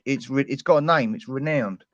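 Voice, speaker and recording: A man from the East End with an East London accent, chatting on a livestream and telling relaxed stories. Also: medium pitch, moderate pace, dry recording. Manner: relaxed storyteller, easygoing. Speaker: guest on a livestream. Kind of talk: casual chat. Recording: dry, dull lo-fi sound.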